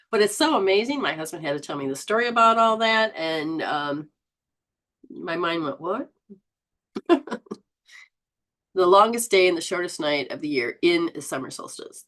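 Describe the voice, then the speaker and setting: A woman hosting a spiritual live stream, reading viewer comments and coaching them in a lively, exclaiming, rambling way. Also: sits low. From Southern Hemisphere. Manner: animated, exclaims and laughs often. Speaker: host.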